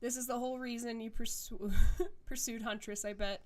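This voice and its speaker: A young woman streams herself playing a dating game, reading the text aloud and breaking in with giggly, sarcastic asides. Her voice sits higher than most women's, and her manner stays teasing and lighthearted throughout. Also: fairly even intonation, moderate pace.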